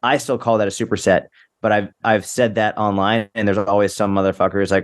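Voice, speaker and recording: A man's voice: on the low side, flat delivery, fairly quick. Laid-back young man, casual podcast chat. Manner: laid-back, swears casually, stumbles and restarts. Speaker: podcast co-host.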